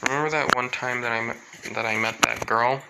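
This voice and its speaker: A man voicing a calm young male hero in a read-aloud fan story, plain and halting with restarts. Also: medium pitch, creaky, noisy background, lightly acted. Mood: somber.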